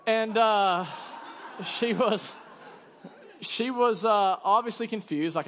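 A man in his thirties delivers a sermon with a notably high voice. He tells stories in an animated, expressive way that swells into loud exasperation. His voice rings out with the long reverb of a church sanctuary. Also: normal speed. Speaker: pastor.

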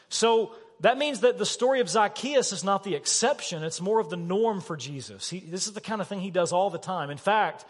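High-voiced pastor preaching with emphasis. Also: male voice. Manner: animated, emphatic, rhetorical questions. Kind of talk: sermon. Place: church sanctuary. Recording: long reverb of a church hall.

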